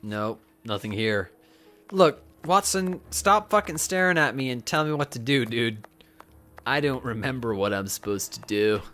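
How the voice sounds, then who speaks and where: A woman with an unusually deep voice that still rises and falls a lot. She is tipsy and rambles through a game stream, cursing casually as she talks to herself. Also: lively intonation, normal speed, fairly bright tone, faint music behind. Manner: tipsy, swearing, talking to herself. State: drunk.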